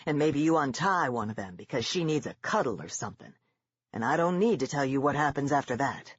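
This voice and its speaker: Harsh sarcastic sergeant voiced by the narrator, low and husky, dull lo-fi sound. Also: sing-song, brisk, dry recording. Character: gruff, sarcastic male army sergeant.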